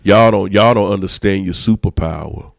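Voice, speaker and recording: A man's voice: deep voice, moderate pace, creaky, dry recording, clean studio sound. A man, a pastor hosting a podcast, preaching emphatically in casual talk and repeating his phrases.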